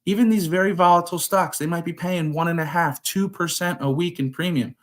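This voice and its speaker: A man's voice: a little high, a little fast. A man hosting a trading talk show, explaining casually and acting out his talks with clients. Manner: animated, acts out quoted conversations. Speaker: show host.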